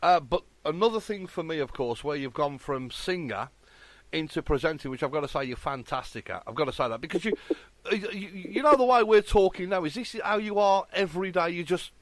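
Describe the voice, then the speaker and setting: A man's voice: fairly high pitch, lively intonation, fairly quick, fairly bright tone, no echo. A man hosting a radio interview, eager and full of praise, often restarting his sentences. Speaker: radio host. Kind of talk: casual interview.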